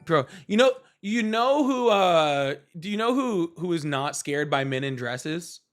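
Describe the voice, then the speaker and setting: Over soft background music, a young livestream host takes callers for a casual political debate, speaking loosely and profanely with frequent fillers and restarts. His voice is fairly high, sing-song, and fairly bright, at a measured pace.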